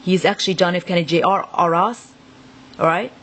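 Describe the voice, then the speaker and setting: A woman's voice: on the low side, fairly even intonation, fairly quick, fairly bright tone. A woman talking straight to the camera in a rambling, agitated monologue full of swearing. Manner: profane, rambling, agitated ranting. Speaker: vlogger.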